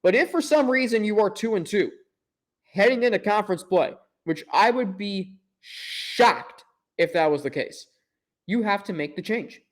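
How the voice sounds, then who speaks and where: A man's voice: sits high, lively intonation, moderate pace. A young man hosting a sports podcast, giving confident, emphatic opinions with self-deprecating asides. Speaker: podcast host.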